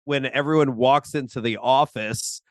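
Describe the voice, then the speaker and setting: A man's voice: medium pitch, normal speed, no echo, studio quality. A man co-hosting a podcast in casual chat, acting out lines from the show as he talks. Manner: animated, acts out quotes from the show. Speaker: podcast co-host.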